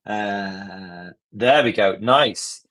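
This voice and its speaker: A man's voice: lowish voice, extremely slow, a bit bright. Chatty man hosting a live tutorial. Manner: chatty, jokey, step-by-step. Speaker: tutorial host.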